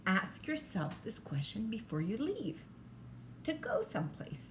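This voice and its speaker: An older woman reads a children's bedtime story slowly, and her voice rises and falls in lively waves. She keeps stopping to ask the child questions, with a faint hum of the room behind. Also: medium pitch. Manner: chatty asides to the child listening. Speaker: grandmother reading aloud.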